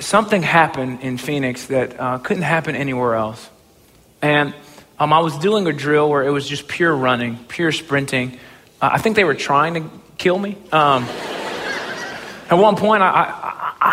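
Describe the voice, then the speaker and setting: A man giving a motivational talk as a storyteller, swinging from low murmurs to excited shouts, stammering and repeating words when he gets worked up. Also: moderate pace, long reverb tail. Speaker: motivational speaker.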